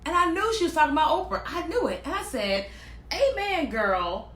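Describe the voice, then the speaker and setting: A woman chatting casually and telling personal stories, animated and quick to act out what other people said. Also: very high-pitched, reverberant, slight background noise. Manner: animated, acts out quoted voices, laughs often. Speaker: speaker sharing personal stories. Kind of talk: casual storytelling monologue.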